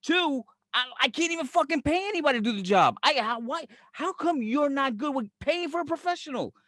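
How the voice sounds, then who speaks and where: A man's voice: very high-pitched, fairly quick, dry recording, clean studio sound. A man with a New York accent, co-hosting a podcast, animatedly telling profane stories and acting out other people's lines. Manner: animated storyteller, acts out quotes, profane, laughs often. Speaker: podcast co-host. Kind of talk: casual podcast banter.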